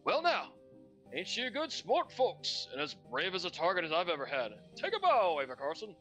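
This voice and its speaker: A man's voice: high voice, huge pitch swings, moderate pace, fairly bright tone, faint music behind, pitched above the performer's own voice, heavily acted. A man voicing a sinister, theatrical clown showman who calls himself a Duke of Hell, mocking and threatening. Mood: showy.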